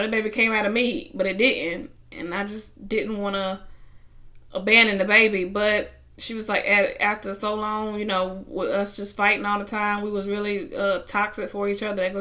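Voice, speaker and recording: A young woman casually recapping a reality show, retelling scenes and acting out what people said. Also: medium pitch. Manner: animated retelling, acting out quotes, bursts of laughter.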